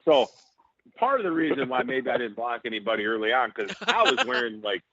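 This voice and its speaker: A man from Saint Paul, Minnesota, a former football center, telling animated stories with laughs and restarts. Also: medium pitch, fairly quick, dry recording. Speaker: former NFL center, guest. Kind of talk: casual storytelling. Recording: tinny phone-like line, dry.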